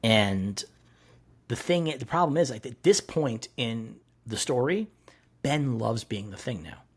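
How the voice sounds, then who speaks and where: Husky guy on a comics podcast, super animated, swears a lot, does little voices for quotes. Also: mid-range voice, a little slow. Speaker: podcast co-host. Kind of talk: casual comic-book discussion.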